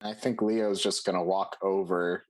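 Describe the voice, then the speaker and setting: A man playing a tabletop game, talking calmly and steadily. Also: low voice, unhurried. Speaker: player voicing Leo. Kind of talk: casual tabletop play.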